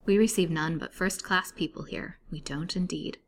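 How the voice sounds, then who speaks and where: A woman's voice: sits low, moderate pace. A woman voicing a kindly female asylum nurse who talks in a placid, soothing way.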